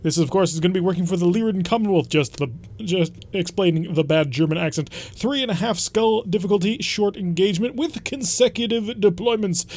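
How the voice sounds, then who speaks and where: A man's voice: sits high, fairly quick, few pauses, darkish tone. A man hosting a let's play, talking through his strategy in a chatty, rambling way with frequent self-corrections. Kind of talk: casual game commentary.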